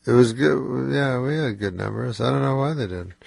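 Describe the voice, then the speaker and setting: A man guesting on a radio show, talking in a nasal, low, slightly slurred voice, dry and hesitant, tired and stuffed up from cold medicine. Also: moderate pace, vocal fry, no room sound. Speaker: comedian guest. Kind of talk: casual radio interview. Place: radio studio.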